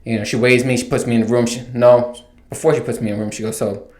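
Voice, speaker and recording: A man's voice: mid-range voice, little pitch movement, rapid-fire, a little mellow. A man in a mid-range voice rants casually and swears freely as he tells an exasperated comic story. His voice rings in a roomy, echoey space. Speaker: podcast host. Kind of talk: casual comedic rant. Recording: roomy echo.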